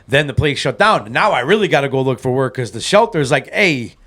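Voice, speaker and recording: A man co-hosting a casual podcast, telling a recovery story in a lively, animated way and acting out the people he quotes. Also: fast talker. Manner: animated storyteller, acts out quoted voices with big pitch jumps.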